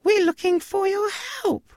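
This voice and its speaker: A man voicing a tiny, proud female alien mouse empress who speaks formally in a high squeak. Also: measured pace, dry recording, clean studio sound. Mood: regal.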